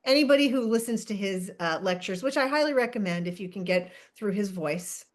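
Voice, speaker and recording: A woman's voice: mid-range voice, expressive, a little fast. A woman co-hosting a podcast in casual chat, talkative and often laughing as she wanders off track. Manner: chatty, laughs often, self-interrupting. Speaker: podcast co-host.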